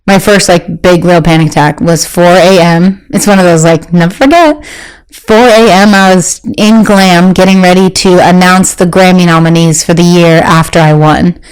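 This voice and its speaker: A woman in her thirties, a guest talking candidly in an interview, animated and quick to jump into high voices when she quotes people. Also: smooth, rough recording.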